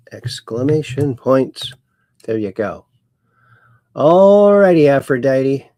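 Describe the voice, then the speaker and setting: Gravelly-voiced man hosting a livestream. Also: medium pitch, a little mellow, no room sound, studio quality. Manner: reads viewer comments aloud with playful asides. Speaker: livestream host reading chat. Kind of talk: casual livestream chat.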